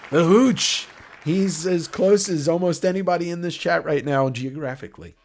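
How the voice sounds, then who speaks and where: A man's voice: a little high, moderate pace, a little mellow, some chatter behind, slight background noise. A man hosting a livestream giveaway, talking casually in a nasal voice, rambling and joking with the odd curse. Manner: rambling, joking, swears freely. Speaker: livestream host.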